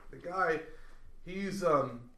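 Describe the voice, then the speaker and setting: A man's voice: on the high side, drawn-out words, a little hiss or hum. Guy telling a story on a podcast, acts out voices, roomy echo. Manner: animated storyteller, acts out quoted lines. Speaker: podcast guest. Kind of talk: casual storytelling.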